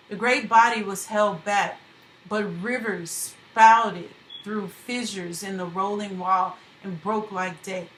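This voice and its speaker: A woman reading a novel aloud with steady, measured narration. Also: mid-range voice, slight background noise. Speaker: reader. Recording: echoey room.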